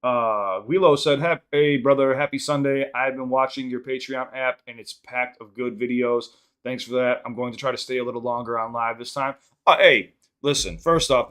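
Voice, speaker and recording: A man's voice: mid-range voice, a bit bright. A young adult man from the Chicago area, hosting a casual live-stream podcast and reading out chat questions in a loose, profane, rambling way.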